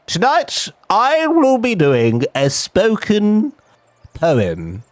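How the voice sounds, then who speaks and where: A woman's voice: mid-range voice, wildly swooping pitch, no echo, voice pushed up, heavily acted. A man doing a solemn woman poet. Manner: slow, solemn and dramatic recitation. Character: earnest middle-aged woman poet reciting gravely.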